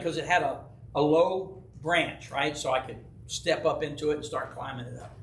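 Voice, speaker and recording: A man's voice: a little high, moderate pace, vocal fry, reverberant, slight background noise. A man, the pastor, teaching a Bible study in a loose, conversational way, telling personal stories, acting out voices and often checking in with "right?". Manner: animated storyteller who acts out quoted voices. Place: church hall.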